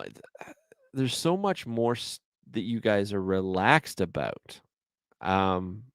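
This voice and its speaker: A Canadian-accented man with a lowish voice hosts a solo podcast, rambling through his stories in easy conversation. The sound is dry and close, with no room around him. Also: vocal fry, dry recording. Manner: chatty, rambling storyteller. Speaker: podcast host.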